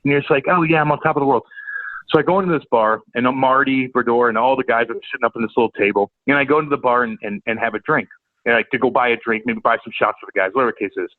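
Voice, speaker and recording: A man's voice: medium pitch, rapid-fire, no room sound. Man from St. Louis, ex-enforcer guest, profane stammering storyteller; phone-quality, dry audio. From St. Louis, USA. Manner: profane, rambling, stammering repeats. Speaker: podcast guest, former hockey enforcer. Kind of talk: casual chat, storytelling. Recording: tinny phone-like line, dry.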